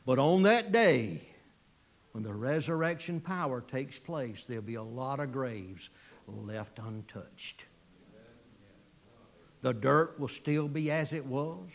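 A man preaching a sermon, swinging from loud pleading to hushed, drawn-out phrases. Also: a little high, vocal fry.

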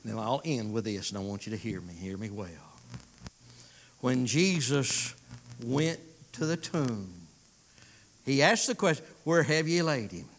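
Slow-paced preacher with dramatic swells. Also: male voice, mid-range voice, slight background noise. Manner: swings from loud pleading to hushed, drawn-out phrases. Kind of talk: sermon.

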